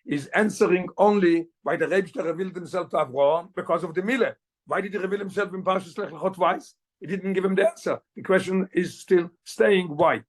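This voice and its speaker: A man, a rabbi, teaching a Torah class, explaining the text quickly and switching languages mid-sentence. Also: high voice. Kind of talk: Torah class, mixing English and Yiddish.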